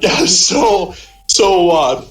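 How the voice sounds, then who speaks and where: A man in his fifties from Minnesota tells a rowdy, profane story on a voice call, voicing every quote. His voice sits fairly high for a man. The call audio is echoey, with faint music underneath. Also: very slow. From Minnesota, USA. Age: 50s. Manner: animated, profane storyteller who acts out quotes. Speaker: guest, a friend's dad on a call.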